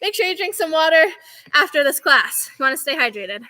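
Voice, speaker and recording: A woman's voice: sits high, big pitch swings, a little fast, sharp tone. A young woman coaching an online gymnastics class, upbeat and cheering, laughing often and out of breath from the workout. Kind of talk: online fitness class instruction. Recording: echoey room with music behind.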